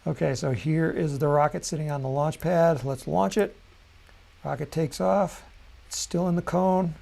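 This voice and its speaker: A man hosting a live software tutorial, talking casually and thinking aloud at his computer, with frequent ums and self-corrections. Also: on the high side, unhurried, gravelly. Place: at a computer desk.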